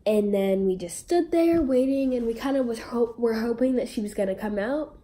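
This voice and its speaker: A woman's voice: a little high, normal speed, mellow. Bubbly young woman telling a rambling story. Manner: bubbly, rambling and self-mocking. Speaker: vlogger. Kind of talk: casual storytime.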